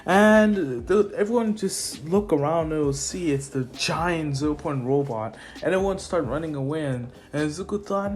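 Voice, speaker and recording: A man's voice: a little high, moderate pace, few pauses, a little mellow, faint music behind. A young man, the channel's host, casually narrating a fan story in a rambling, laid-back, jokey way.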